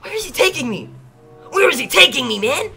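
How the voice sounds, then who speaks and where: A teenage boy streaming a video game, trash-talking opponents and yelling in rage. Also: extremely high pitch, very animated, a little fast, gravelly, soft background music. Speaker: gamer being pranked. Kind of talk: livestream gaming commentary.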